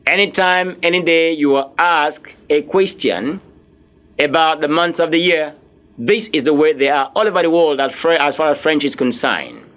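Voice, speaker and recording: A male French teacher, drilling vocabulary slowly and spelling words out letter by letter. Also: on the high side, fairly bright tone. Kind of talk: classroom lesson, drilling vocabulary.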